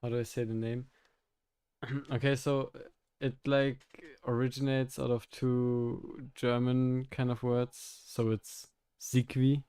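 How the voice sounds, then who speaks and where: Guy streaming while he codes, warm mellow voice, dry close sound, rambly and halting. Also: mid-range voice, level tone, clean tone, no room sound. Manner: halting, thinks aloud, laughs often. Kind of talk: casual live-stream chat while coding.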